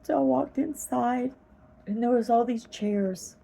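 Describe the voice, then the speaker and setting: A woman earnestly retelling a vivid dream in a slow, halting way, close to tears at times. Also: fairly high pitch, vocal fry, dark tone, poor audio. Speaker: vlogger telling a dream. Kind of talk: personal storytelling.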